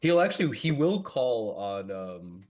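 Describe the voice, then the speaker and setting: A man playing a tabletop game, describing his character's actions slowly and hesitantly. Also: medium pitch, sing-song, a little mellow. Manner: slow, hesitant, full of fillers. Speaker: player.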